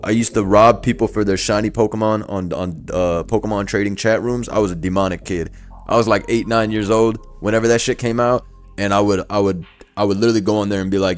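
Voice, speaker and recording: A young man telling a story casually, animated and swearing, acting out voices. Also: lowish voice, fast.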